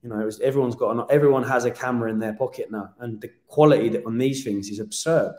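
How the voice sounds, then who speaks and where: Bloke on a podcast, chatty and sweary, bit of room echo around him. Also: male voice, medium pitch, quick pace. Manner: animated, swears casually, restarts often. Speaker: podcast guest. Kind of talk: casual interview chat.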